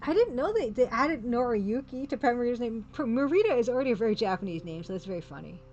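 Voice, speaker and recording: A woman's voice: fairly high pitch, lively intonation, fast, a little mellow, highs cut off, slight background noise. A woman streaming a let's play on a desk microphone, chatty and amused, thinking aloud as she plays.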